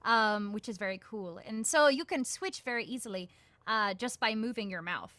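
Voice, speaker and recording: Bright-voiced Southern woman, bubbly chatter. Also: on the high side, dry recording. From Georgia, US. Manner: bubbly, quick, many fillers and restarts. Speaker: guest voice actress. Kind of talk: casual interview chat.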